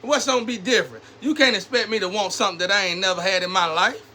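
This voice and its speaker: A high, bright-voiced man rants to his camera in street slang, preachy and animated. He drifts between scolding and telling his own story. A faint hum of ambient noise sits behind him. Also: quick pace. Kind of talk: casual rambling monologue.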